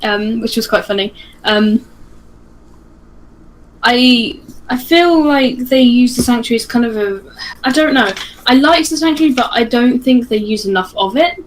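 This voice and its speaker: A woman with a fairly high voice chats casually on a livestream about a cartoon series. She thinks aloud and often trails off mid-sentence. She speaks into a computer mic over a voice call, with faint hiss behind her. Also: moderate pace, poor audio. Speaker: guest discussing a cartoon series.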